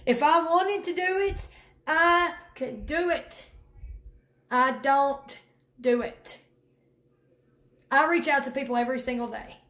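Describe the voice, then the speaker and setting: A woman vlogs to her viewers in a high, bright voice. She lectures with emphatic repetition and folksy words like honey and y'all. The room around her sounds bare and echoey. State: near tears at times. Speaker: network marketing vlogger. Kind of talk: direct-to-camera pep talk.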